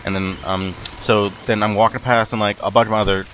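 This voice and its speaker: A man's voice: on the low side, little pitch movement, fast, a bit bright. A young man tells a rambling, profane story from work while commentating a video game, full of fillers and restarts. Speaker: gaming commentator. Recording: faint ambient noise.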